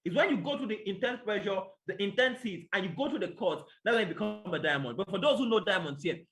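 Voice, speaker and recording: A man tells his story in a high, bright voice. He talks fast and acts out both sides of each exchange as he speaks to an audience. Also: faint music behind. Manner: animated storytelling, acting out exchanges with God. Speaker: motivational speaker. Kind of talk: testimony talk to an audience.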